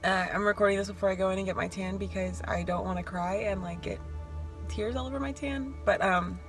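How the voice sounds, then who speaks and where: A woman's voice: medium pitch, fairly quick, poor audio. Chatty emotional woman vlogging, music behind. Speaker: bodybuilding competitor vlogging her show day. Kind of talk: casual vlog talk to camera. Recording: background music and crowd chatter.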